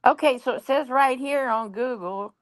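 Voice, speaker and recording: Woman, casual storyteller, slightly high, relaxed chat. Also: moderate pace. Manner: chatty storyteller, reads aloud from the web.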